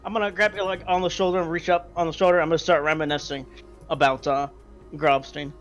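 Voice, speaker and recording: A man's voice: fairly high pitch, level tone, fast talker, a bit bright, muffled recording, soft background music. A man playing in a tabletop game who rambles and trips over his words. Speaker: player.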